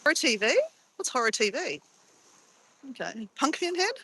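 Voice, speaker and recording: Bubbly, lively woman. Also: a little high, moderate pace, husky, rough recording. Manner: playful and giggly, exclaiming at phone filters. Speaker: live-streamer. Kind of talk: casual live-stream chat. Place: outdoors near a beach.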